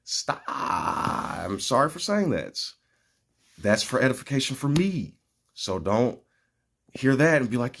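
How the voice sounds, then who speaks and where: A man's voice: medium pitch, sing-song, takes it slowly, vocal fry, fairly bright tone. A man speaking in an earnest, meandering spiritual monologue that moves from a cartoon retelling into preaching.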